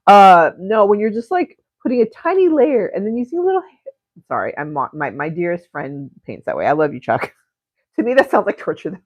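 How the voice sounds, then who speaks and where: A woman's voice: on the low side, animated, brisk, darkish tone, dry recording. Rambling, giggly woman streaming from home. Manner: rambling, giggly and profane, with frequent self-interruptions. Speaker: livestream painter and host. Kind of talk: casual live-stream chat while painting. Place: home studio. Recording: dull lo-fi stream audio.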